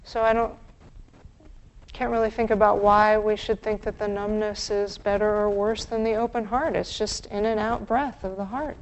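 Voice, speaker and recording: A woman meditation teacher giving a dharma talk, gentle and reflective, with pauses. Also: mid-range voice, steady tone, muffled recording.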